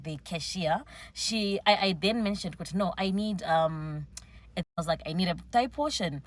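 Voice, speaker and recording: A woman's voice: on the low side, dry recording. A young woman with a Zimbabwean accent telling a casual vlog story, chatty and mixing Shona phrases into her English. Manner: chatty, mixes Shona into English, animated retelling. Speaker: marketing vlogger.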